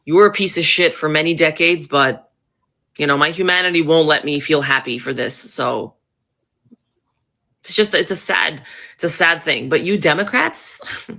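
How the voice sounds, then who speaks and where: Woman, 30s, low and sharp-toned, blunt sarcastic political ranter. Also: normal speed, vocal fry, pauses often. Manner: blunt, sarcastic, swears freely. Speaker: commentator. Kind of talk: heated political commentary.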